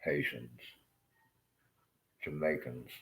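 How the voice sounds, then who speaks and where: Rambling profane Southern man in a monologue rant, with an extremely low, rumbling voice. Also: fairly even intonation, a bit bright, rough recording. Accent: Southern American. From Southern United States. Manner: profane, blunt, rambling, with halting fillers.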